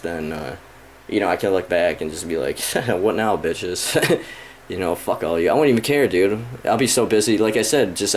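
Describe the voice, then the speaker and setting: Thirties male vlogger, low voice, rambling profane rant, faint room noise. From Michigan, USA. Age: 30s. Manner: frustrated, profane, rambling with many fillers. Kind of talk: casual rant to camera.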